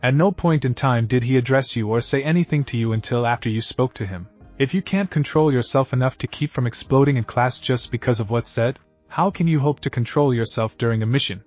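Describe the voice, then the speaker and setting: Man doing a stern lecturing ninja teacher, middle pitch, lo-fi muffled, soft music. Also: brisk, close to an everyday voice. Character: wise patient male ninja teacher.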